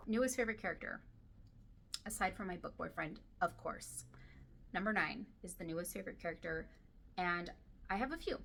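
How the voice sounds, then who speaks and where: A woman chatting casually to camera about books she loves, gushing and sometimes dropping to a soft whisper, her throat dry and irritated. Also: mid-range voice, a little fast, vocal fry, a little hiss or hum. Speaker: book vlogger.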